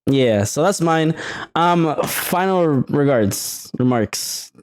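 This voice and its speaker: A man's voice: on the high side, expressive, slow pace, smooth. A man co-hosting a podcast in casual chat, easygoing and swearing casually as he gives advice. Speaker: podcast co-host.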